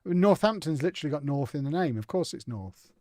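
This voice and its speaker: A man's voice: on the high side, lively intonation, fast talker, warm tone, dry recording, studio quality. A young man hosting a casual live gaming stream, reading out chat and answering it with playful, teasing banter.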